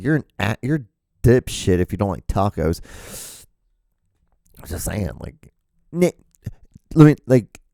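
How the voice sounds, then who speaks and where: A man's voice: medium pitch, mellow, dry recording, studio quality. A man hosting his own solo podcast, rambling jokily and swearing freely in a casual monologue. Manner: rambling, profane, jokey. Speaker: podcast host.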